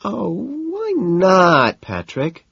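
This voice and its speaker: A man voicing a whiny, high-strung wealthy young woman who complains melodramatically, for an audiobook. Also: wildly swooping pitch, very slow, creaky, a bit bright, husky, no echo, highs cut off, full character voice. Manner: whining, exasperated, melodramatic. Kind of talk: audiobook character voice.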